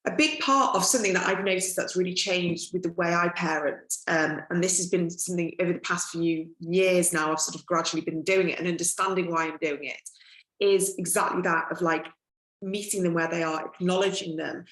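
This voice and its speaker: A middle-aged woman speaking as a guest in a podcast chat, reflective and unhurried with frequent fillers. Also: lowish voice, fairly bright tone. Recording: echoey room.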